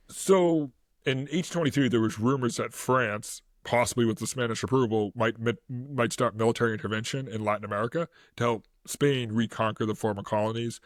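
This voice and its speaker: A man's voice: medium pitch, fairly quick, no room sound, clean studio sound. A man co-hosting a casual history podcast, rambling through his notes, stumbling over words and laughing often. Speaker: podcast co-host.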